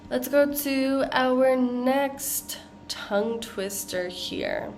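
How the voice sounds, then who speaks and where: Slow-speaking American woman teaching pronunciation. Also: high voice, a little mellow, a little hiss or hum. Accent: General American. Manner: slow, deliberate modeling of tongue twisters. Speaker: accent coach. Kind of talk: pronunciation lesson.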